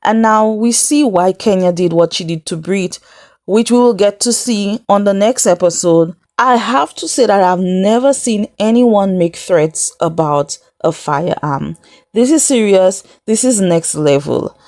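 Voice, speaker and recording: A woman's voice: medium pitch, a little slow, darkish tone, dry recording, studio quality. A woman giving a casual recap of a reality show, chatty and incredulous, laughing often as she tells it. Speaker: recap vlogger.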